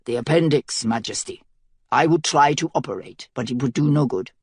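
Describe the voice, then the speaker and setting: A woman voicing a blunt, grim male doctor, speaking low and matter-of-fact. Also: moderate pace, breathy edge, no room sound, clean studio sound. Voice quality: heavy foreign-sounding accent, low and flat.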